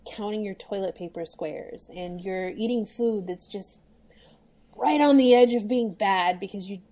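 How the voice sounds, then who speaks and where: A woman's voice: mid-range voice, measured pace, warm tone, a little hiss or hum. A woman talking frankly and wryly on a casual book podcast, often laughing between words. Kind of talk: casual book-club chat.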